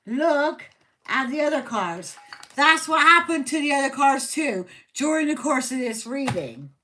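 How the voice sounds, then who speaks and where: A woman's voice: high-pitched, big pitch swings, measured pace, sharp tone. Fired-up, foul-mouthed woman tarot reader. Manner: heated, swears constantly; fiercely protective of the viewer. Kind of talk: live tarot reading stream.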